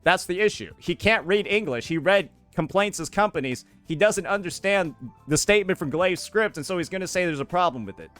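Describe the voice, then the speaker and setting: A man's voice: high voice, lively intonation, a little fast, a bit bright, soft background music. A man giving a profane, exasperated reaction commentary, ranting about a video he is watching.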